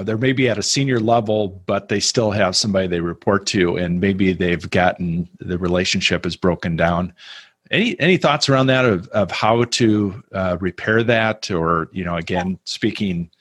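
A man hosts an interview and works his way into his questions with lots of fillers and restarts. His voice is fairly low and a little husky. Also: lively intonation, moderate pace, fairly bright tone. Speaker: interview host. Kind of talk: conversational interview.

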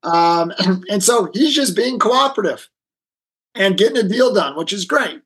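A man with a husky, slightly high voice, speaking as a guest in an interview. He tells a story with energy and slips into the voices of the people in it. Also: unhurried, poor audio. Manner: animated storyteller acting out quoted voices. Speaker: guest, negotiation expert. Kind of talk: storytelling in a conversation.

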